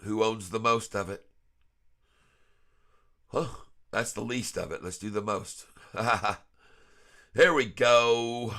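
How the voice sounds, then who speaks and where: A man's voice: fairly low pitch, slow pace, long pauses, sharp tone. A man with a stuffed-up nose giving casual, folksy stock-chart commentary to his viewers, chuckling often. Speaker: stock trading vlogger. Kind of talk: casual screen-share commentary.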